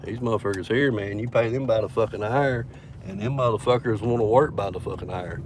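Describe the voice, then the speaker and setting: A man's voice: on the low side, brisk, darkish tone. A man telling a rambling, profane story to his phone camera, quoting others as he goes. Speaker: vlogger. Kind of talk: casual storytelling vlog. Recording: noisy phone recording near traffic.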